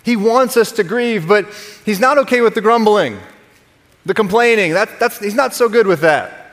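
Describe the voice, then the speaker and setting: High-voiced pastor in an echoing church. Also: male voice, animated, moderate pace, fairly bright tone. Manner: conversational, repeats words when restarting, jokes with congregation. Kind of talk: sermon. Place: church sanctuary. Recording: long hall reverb.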